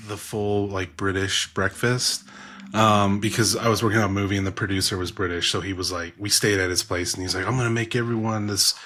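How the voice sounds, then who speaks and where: Man, podcast co-host, laid-back, slangy, bright voice. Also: low voice, flat delivery, a little fast. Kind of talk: casual chat.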